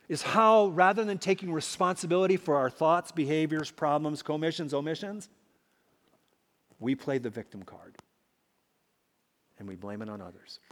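A man preaching a sermon as a pastor, emphatic, swinging between loud and hushed. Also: on the high side. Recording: long hall reverb.

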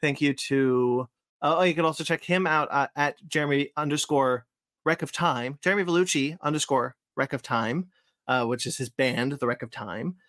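A man in the host's chair who talks in loose, looping sentences and keeps starting over. His voice sits at an ordinary middle pitch, and the sound is dry and close with no room echo. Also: normal speed, a bit bright. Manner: rambling, with many fillers and restarts. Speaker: podcast host. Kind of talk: casual podcast chat and sign-off.

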